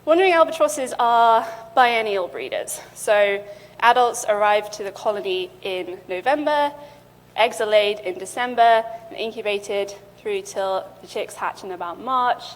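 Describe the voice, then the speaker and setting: A young woman presents her research at a conference in a clear, steady way, with the odd "um" along the way. Her voice sits in the middle range for a woman. It carries through a lecture hall with a long reverb tail. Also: medium pitch, unhurried. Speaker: PhD student presenting research. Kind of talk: conference talk.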